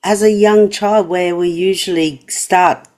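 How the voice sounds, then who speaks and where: Woman host, low voice, empathetic interviewer. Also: fairly even intonation, unhurried, darkish tone. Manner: empathetic, affirming. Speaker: podcast host. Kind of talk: interview hosting.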